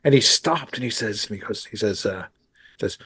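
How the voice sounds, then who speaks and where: A man's voice: fairly low pitch, expressive, normal speed, a bit bright, slightly rough. A man hosting a podcast interview, telling stories in a rambling, chatty way with many restarts and asides. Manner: rambling, self-correcting storyteller. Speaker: podcast host. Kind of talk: casual interview chat.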